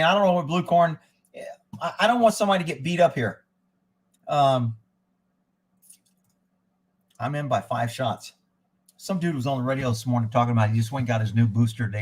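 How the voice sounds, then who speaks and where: A man's voice: medium pitch, slightly rough. A man hosting a casual live stream, ranting sarcastically and muttering as he reads aloud and answers chat. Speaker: livestream host.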